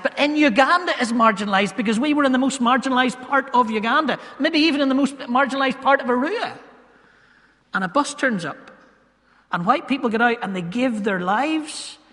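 Pastor preaching in a church, highish voice, long echo in the hall. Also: male voice. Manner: swings between loud emphasis and hushed, slow asides. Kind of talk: sermon.

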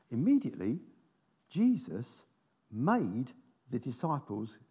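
A man preaches a sermon, reading scripture aloud and slipping jokey asides in between the verses. His mid-range voice has a darkish tone with a breathy edge.

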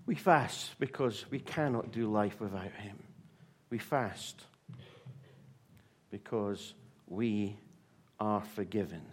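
A man preaching a sermon, telling a Bible story in a lively way with restarts and fillers. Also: fairly low pitch, slow pace, husky.

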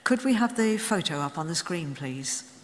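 A woman's voice: fairly low pitch, animated, normal speed, big-room sound. A woman in her seventies preaching a sermon, telling a story with humorous asides. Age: 70s. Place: church.

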